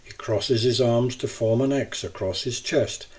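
A man narrating a first-person travel essay in a measured, even reading style. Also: mid-range voice, slightly rough.

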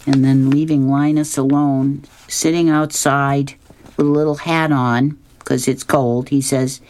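A woman's voice: very deep voice, flat delivery, a little slow, a little mellow. A woman radio host reading comic strips aloud, chuckling as she goes.

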